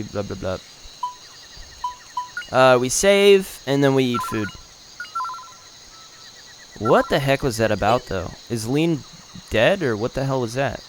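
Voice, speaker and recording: A man's voice: medium pitch, expressive, slow, pauses often, slight background noise, low-quality recording. A man doing casual, joking let's play commentary, voicing game dialogue.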